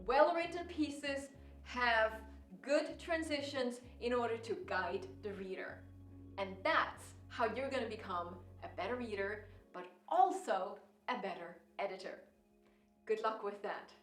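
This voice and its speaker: A woman's voice: fairly high pitch, measured pace, echoey room, recorded from a distance, faint music behind. A woman test prep teacher walking through example sentences step by step and asking the viewer questions. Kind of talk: recorded lesson walkthrough.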